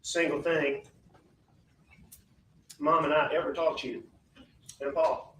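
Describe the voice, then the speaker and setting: Man, defendant, formal courtroom statement, slow and halting, echoey distant room sound. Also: on the high side, little pitch movement, fairly bright tone. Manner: slow, halting and repetitive, apologetic.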